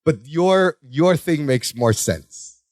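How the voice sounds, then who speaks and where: A man's voice: fairly high pitch, expressive, slow pace, darkish tone, no echo, studio quality. A man co-hosting a podcast, retelling a sitcom episode in casual chat and acting out the characters' lines. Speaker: podcast co-host.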